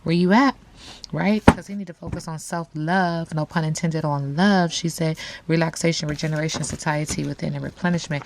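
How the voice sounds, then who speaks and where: A woman's voice: low-pitched, steady tone, fairly quick, background noise. A woman giving a casual, slangy tarot reading straight to her viewers, full of asides and catchphrases. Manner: chatty, slangy, frequent asides. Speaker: tarot reader.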